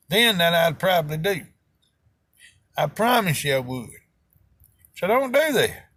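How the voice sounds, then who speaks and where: A man's voice: sits high, fairly bright tone, no echo. A middle-aged man with a Southern American accent ranting in a folksy, heated way, full of rural slang. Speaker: video host. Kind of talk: opinion rant to camera.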